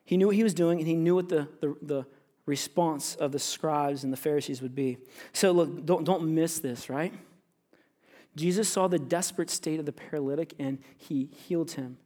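A man preaching to his church in an animated way, addressing the congregation head-on. He moves freely between teaching and acting out the figures of the passage. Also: a little high, normal speed. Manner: animated, addresses congregation directly, acts out biblical characters. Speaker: pastor. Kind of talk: sermon.

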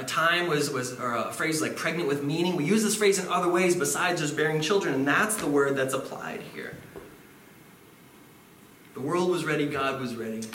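Pastor, male, bright voice, informal sermon delivery, recorded from a distance in an echoey room. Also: sits high, slight background noise. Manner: conversational, animated preaching with asides and acted-out quotes.

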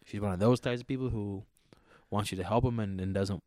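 A man telling stories in casual podcast chat, profane and animated, acting out what people said. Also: lowish voice, brisk, dry recording, clean studio sound. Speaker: podcast co-host.

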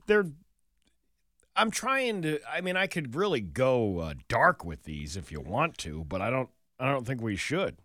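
A man's voice: mid-range voice, big pitch swings, unhurried, sharp tone, dry recording, studio quality. A man hosting a morning radio show, telling jokes and reading local news, often restarting his sentences. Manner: joke-telling, hesitant with restarts. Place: radio studio.

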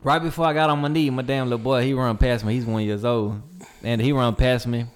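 A man's voice: medium pitch, steady tone, brisk, smooth. A young man telling a long story in a laid-back, slangy way, full of fillers and restarts. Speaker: podcast guest. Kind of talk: casual storytelling.

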